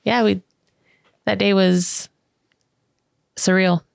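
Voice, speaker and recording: A woman's voice: medium pitch, little pitch movement, takes it slowly, vocal fry, smooth, no room sound, studio quality. A woman casually telling a family story in an easygoing way, adding details. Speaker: guest, adoptive parent.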